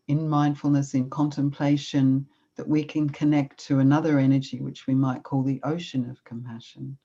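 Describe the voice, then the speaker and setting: A middle-aged woman giving a gentle talk on self-compassion and leading a guided meditation in a calm, unhurried way. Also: very deep voice. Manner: calm, warm, unhurried, with soft guiding instructions. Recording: slightly dull lo-fi recording.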